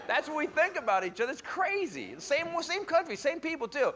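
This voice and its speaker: A man doing a loud, punchy stand-up set and working the crowd in a live theater recording. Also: very high-pitched, sing-song, brisk. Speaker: stand-up comedian. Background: loud audience laughter and cheering.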